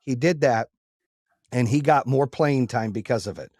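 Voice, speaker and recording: Male podcast host, mid pitch, blunt casual storyteller with salty language, dry booth sound. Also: moderate pace, darkish tone, no room sound. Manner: blunt, swears freely, retells arguments in dialogue.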